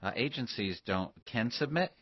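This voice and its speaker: A man's voice: medium pitch, expressive, normal speed, husky, dry recording. A man speaking as a guest in a studio radio interview, explaining plainly. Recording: slightly dull radio broadcast audio.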